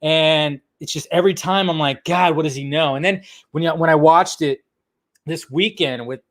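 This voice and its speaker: Excitable, foul-mouthed man hosting film news. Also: a little high, normal speed. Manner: excitable, swears freely, laughs often. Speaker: host of a film news channel. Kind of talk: casual movie news commentary.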